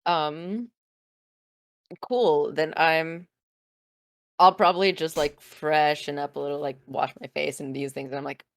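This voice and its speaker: A woman's voice: sits low, fairly even intonation, unhurried, long pauses. A woman playing a tabletop game, hesitant and giggly, with lots of ums as she describes her character's actions. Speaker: player. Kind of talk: casual tabletop play.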